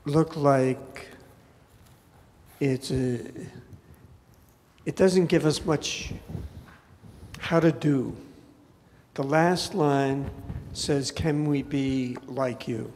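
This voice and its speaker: A man at a retreat asking the teacher a question, halting and hesitant. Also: mid-range voice, a little mellow, slight background noise. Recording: distant from mic in reverberant hall.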